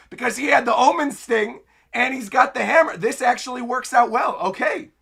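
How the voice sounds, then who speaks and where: A young man reacting live to a manga chapter, narrating the panels and breaking into excited exclamations. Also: extremely high pitch, normal speed, creaky, breathy edge. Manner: narrates panels while reading aloud. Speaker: anime streamer.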